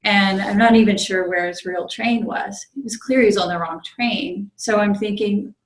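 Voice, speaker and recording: A woman priest telling a story in a relaxed dharma talk, with frequent fillers and restarts. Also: medium pitch, normal speed, hardly any pauses. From United States. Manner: conversational, many fillers and restarts. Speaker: visiting Zen priest giving a dharma talk. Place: meditation group room. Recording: roomy echo.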